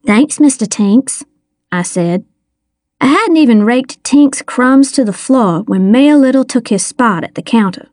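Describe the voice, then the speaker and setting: A woman reading a first-person audiobook, with measured, wry storytelling. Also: a little high, lively intonation, a little mellow, no room sound, clean studio sound. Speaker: audiobook narrator.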